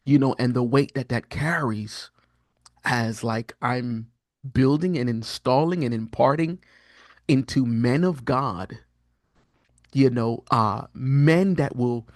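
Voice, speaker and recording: A man in his thirties, a guest on a podcast, telling a personal story in a casual, earnest way. He often restarts and fills his speech, and his voice jumps much higher when he quotes himself. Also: slow, dry recording, studio quality. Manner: animated, rises sharply in pitch when quoting himself; frequent fillers and restarts, earnest and candid. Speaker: podcast guest, prophetic teacher.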